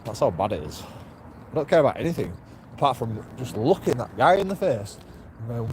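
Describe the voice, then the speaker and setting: A man's voice: medium pitch, sing-song, a little fast, a little mellow. A man rambling profanely to his camera outdoors, laughing to himself now and then, with traffic behind him. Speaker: street video blogger. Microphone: handheld camera. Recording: street ambience and traffic noise.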